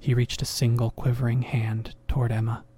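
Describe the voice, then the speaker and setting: A man narrating a horror story in a measured voice that sinks into whispers. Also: medium pitch, level tone, warm tone, breathy edge. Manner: slow, measured, dropping to whispers.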